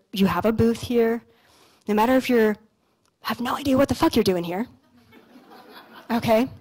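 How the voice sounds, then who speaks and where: A young woman from Canada giving a motivational talk on a conference stage, telling stories in a casual, animated way with some swearing. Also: on the high side, poor audio. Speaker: conference speaker. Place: lecture stage at an expo.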